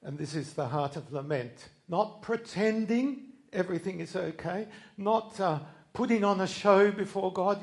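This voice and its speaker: A man preaching a sermon in an earnest way, swinging from loud quoted cries to hushed asides. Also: high voice, unhurried.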